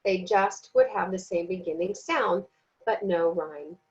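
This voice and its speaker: A woman giving a recorded training lesson, speaking slowly and deliberately and sounding out words syllable by syllable. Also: fairly low pitch, highs cut off. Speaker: teacher trainer.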